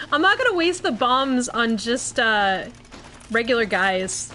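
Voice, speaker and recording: A woman's voice: a little high, sharp tone, slight background noise. A woman streaming a video game, chatting casually with viewers, grumbling and swearing often. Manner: frequent swearing, grumbling asides. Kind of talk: casual gameplay commentary. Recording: game music playing behind voice.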